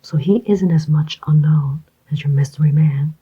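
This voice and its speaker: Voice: medium pitch, fairly even intonation, normal speed, warm tone, breathy edge. A reader voicing a sly, contemptuous man posing as an army major, in a whispered role-play with a faintly mocking manner. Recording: dull lo-fi recording.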